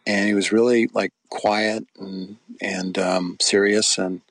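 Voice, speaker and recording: A man's voice: fairly low pitch, little pitch movement, takes it slowly, a bit bright, no room sound. A middle-aged man being interviewed, telling a personal story in a rambling, conversational way with frequent restarts. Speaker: interview guest.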